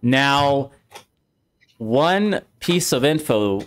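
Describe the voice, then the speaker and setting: Animated man breaking down a game plot. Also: medium pitch, drawn-out words. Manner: animated, acts out characters while explaining. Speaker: streamer and host. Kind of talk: casual game discussion.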